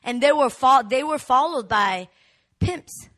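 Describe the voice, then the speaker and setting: High bright-voiced woman preaching. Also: unhurried. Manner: animated, rising to shouts. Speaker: pastor. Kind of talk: sermon. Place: church hall.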